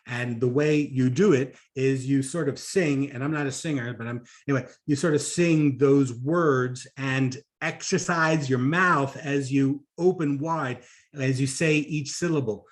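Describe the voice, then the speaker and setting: Animated, slightly high-voiced man speaker. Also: unhurried. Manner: conversational, animated, with frequent fillers and asides. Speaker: conference speaker. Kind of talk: conference talk on public speaking.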